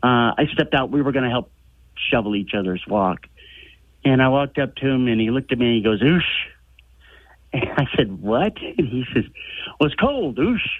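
A man's voice: medium pitch, brisk, no echo. An older American man calling in to a radio show, telling a chatty story over a phone line. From United States. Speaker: caller. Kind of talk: phone-in anecdote.

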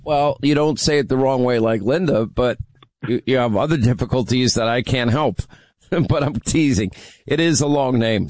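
A man's voice: medium pitch, normal speed, darkish tone, no room sound. A middle-aged man hosting a talk radio call-in show, speaking in an emphatic, teasing, rallying way. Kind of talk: talk radio, taking calls.

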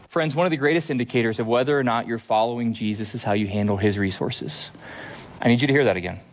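A man preaching a sermon as pastor, emphatic and repetitive, rising in pitch when quoting crowds.

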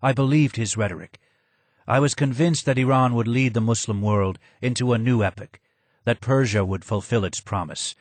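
A man putting on a broken, disfigured older man in a storybook reading, with a low hoarse voice and a slow, grave, bitterly wry way of speaking. The sound is dry and close. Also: no room sound, lightly acted. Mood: somber. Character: broken, disfigured older man, hidden former royal advisor.

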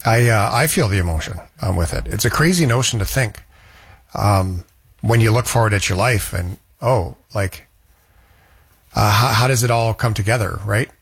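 Husky man hosting a casual chat. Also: on the low side, moderate pace. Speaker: host.

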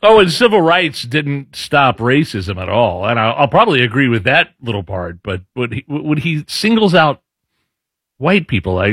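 A man's voice: medium pitch, sing-song, normal speed, fairly bright tone, breathy edge, no room sound, studio quality. A man hosting a casual political commentary show, talking loosely with restarts. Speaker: show host.

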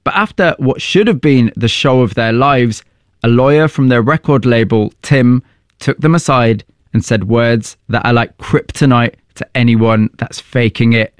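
Male host asking questions and narrating, calm, dry close mic. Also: medium pitch, measured pace, no echo. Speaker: interviewer and narrator. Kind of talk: documentary-style narration and questions.

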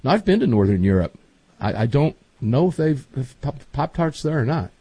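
A man's voice: mid-range voice, very animated, normal speed, dark tone, husky, dry recording. A man hosting a talk show in casual chat, folksy, rambling and enthusiastic.

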